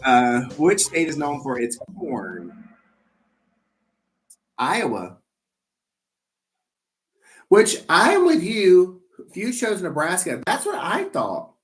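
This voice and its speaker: A man's voice: on the high side, wildly swooping pitch, takes it slowly, long pauses. A man hosting a live trivia game, playful and rambling, teasing himself in asides between questions.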